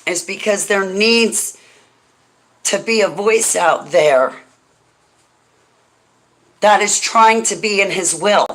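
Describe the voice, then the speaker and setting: A woman's voice: mid-range voice, takes it slowly, pauses often, low-quality recording. A woman hosting a religious talk show in an impassioned, emphatic way. Her delivery is emotional, and she often speaks straight to one listener. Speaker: radio show host.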